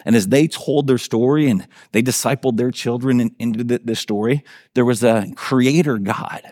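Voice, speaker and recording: A man's voice: medium pitch, normal speed, a little mellow, dry recording. Casual-talking male pastor, dry sound. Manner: casual, checks in with "right?" and "okay?". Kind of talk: conversational sermon. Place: church.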